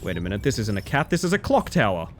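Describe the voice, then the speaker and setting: Lively, rambling male streamer. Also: on the low side, fast, a little hiss or hum. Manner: chatty, rambling, animated. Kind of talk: casual chat while gaming.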